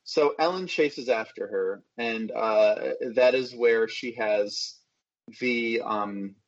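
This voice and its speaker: A co-host describes scenes slowly, hesitating and filling gaps with ums and uhs. The audio is somewhat dull and muffled. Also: mid-range voice. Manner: halting, hesitant, many um and uh. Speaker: podcast co-host. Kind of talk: casual movie recap chat.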